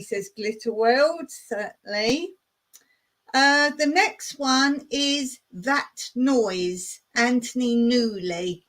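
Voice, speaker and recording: A woman's voice: mid-range voice, a bit bright. A woman from England hosting a casual live stream, chatting and giggling as she reads out viewer comments. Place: home in rural Cyprus.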